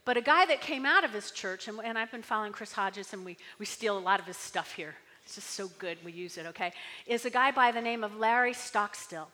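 A woman's voice: medium pitch, animated, fairly quick, sharp tone. A woman pastor preaching a sermon in a chatty way, often checking in with the congregation and leading call-and-response. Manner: chatty, tag questions, audience call-and-response. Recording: long hall reverb.

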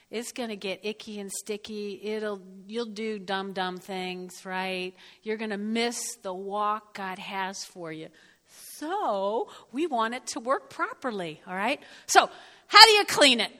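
A middle-aged woman from North Jersey with a New Jersey accent, giving an animated sermon and often checking in with her listeners. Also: mid-range voice, big-room sound. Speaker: speaker. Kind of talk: sermon with personal storytelling.

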